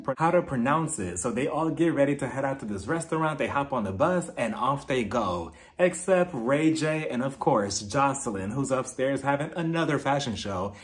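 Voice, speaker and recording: A man's voice: medium pitch, expressive, normal speed. A man giving a casual, candid recap of a reality TV episode, chatty and outspoken, with frequent swearing and laughter. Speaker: reality TV reviewer.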